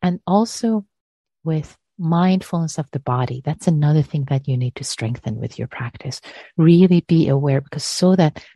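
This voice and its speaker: A woman meditation teacher answering a question in a gentle, soothing talk, repeating words and trailing off. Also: low-pitched, expressive, normal speed, dry recording, clean studio sound.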